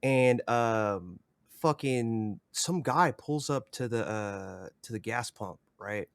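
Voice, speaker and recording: A young man tells a story on a podcast in a loose, rambling way. He swears constantly and fills his speech with "like" and "you know". His medium-pitched voice sounds dry and close. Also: animated, slow pace, vocal fry, clear, resonant tone, no room sound. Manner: profane, rambling, filler-heavy. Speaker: podcast guest. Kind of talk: casual storytelling.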